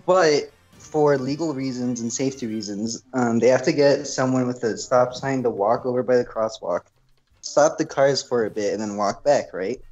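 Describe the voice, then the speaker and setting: A man's voice: mid-range voice, normal speed, darkish tone, dull audio, soft background music. A young man chatting casually at home, telling a long rambling story and saying "freaking" a lot. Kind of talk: casual chat.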